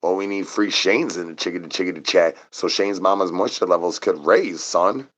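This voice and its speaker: Deep-voiced man in goofy livestream chatter. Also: normal speed, a bit bright. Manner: silly wordplay, singsong repeated catchphrases. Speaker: livestream host.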